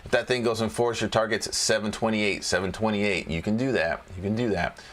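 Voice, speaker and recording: A man's voice: on the low side, steady tone, brisk, a bit bright. A man casually walking through stock charts, chatty and repetitive, joking to himself as he goes. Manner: chatty, repeats phrases, laughs and jokes to himself. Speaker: trading educator. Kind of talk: casual screen-share chart walkthrough.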